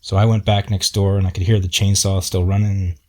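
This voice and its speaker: A man's voice: deep voice, level tone, brisk, a little mellow. A man telling a personal story in a folksy, plainspoken way.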